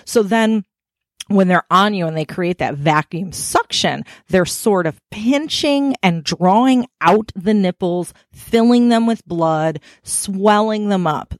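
A woman's voice: fairly low pitch, no echo, studio quality. A woman hosting a podcast, explaining things frankly and playfully in casual talk. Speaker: podcast host.

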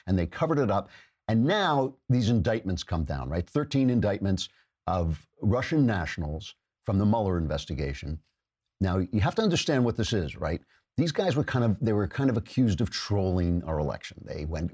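A man hosting a political talk show, sarcastic and mocking, with a slightly husky voice. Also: on the low side, darkish tone.

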